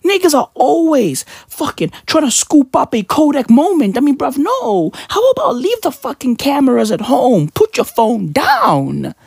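A man hosting a comedic podcast, ranting in a mocking, profane way, firing rhetorical questions and often jumping up into high, yelping exclamations. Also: huge pitch swings, unhurried, vocal fry, hardly any pauses, dry recording, studio quality. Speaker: podcast host.

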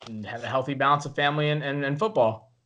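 A man's voice: mid-range voice, fast talker, a bit bright, highs cut off. A young man co-hosting a podcast, talking eagerly and rambling, often correcting himself mid-sentence. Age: young adult. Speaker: podcast co-host. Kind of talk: casual podcast chat.

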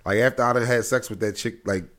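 A man co-hosting a casual, crude chat, telling stories with loud outbursts and frequent laughter. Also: mid-range voice, steady tone, fast talker. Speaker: podcast co-host.

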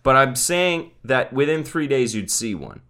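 A man's voice: mid-range voice, very animated, measured pace, sharp tone. A man co-hosting a podcast in casual chat, teasing his partner and swearing freely. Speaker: podcast co-host.

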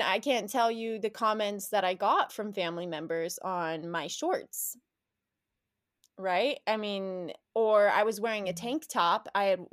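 A woman speaking as an interview guest, animated and candid, often restarting sentences and laughing as she talks. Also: medium pitch, no echo, studio quality.

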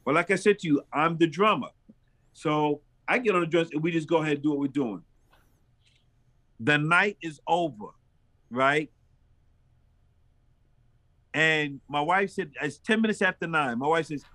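A man, a pastor and street minister, telling stories in an interview in a lively, animated way. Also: moderate pace, long pauses. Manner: lively storyteller who acts out dialogue with big jumps in pitch.

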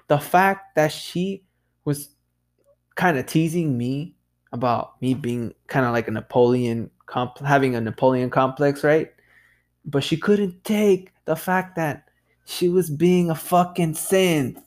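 Male podcast host, casual solo monologue, unhurried delivery, swears freely and calls everyone "dude". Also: a little high. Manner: loose and profane, peppered with "dude"; laughs at himself.

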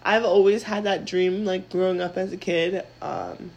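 A young woman with a creaky, gravelly voice hosts a casual solo podcast. She talks frankly and loosely, with lots of filler words and swearing. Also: on the low side, steady tone, measured pace, darkish tone, rough recording. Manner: candid, chatty, swears freely, says "like" a lot. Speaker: podcast host.

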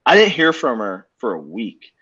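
A man's voice: mid-range voice, wildly swooping pitch, normal speed, pushed and bright, husky. A young man co-hosting a casual podcast, telling a dating story with swearing and acted-out dialogue. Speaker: podcast co-host. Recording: dull lo-fi podcast audio.

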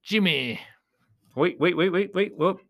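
Male vlog host in clown persona; a touch higher-pitched, loose and rambling. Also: measured pace, creaky, fairly bright tone. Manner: chatty, rambling, talks to viewers as "you guys". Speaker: clown character host of a collecting show. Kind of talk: casual rambling vlog chat.

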